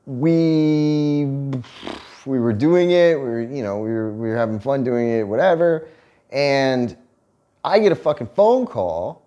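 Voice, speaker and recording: Animated, profane man telling a story. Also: medium pitch, muffled recording. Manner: profane, animated retelling with laughter. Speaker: vlog co-host. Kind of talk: casual storytelling.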